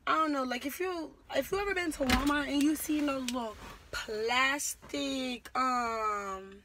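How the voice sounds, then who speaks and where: A young woman telling a story on her vlog, slangy and rambling, getting loud and heated as she goes. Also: high voice, a little slow, background noise. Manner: animated and loud, builds to shouting in quoted exchanges. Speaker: vlogger.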